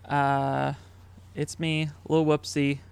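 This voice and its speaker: A man's voice: a little high, little pitch movement, takes it slowly, creaky, clear, resonant tone. A man co-hosting a podcast, joking around in casual chat and laughing often. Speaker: podcast co-host.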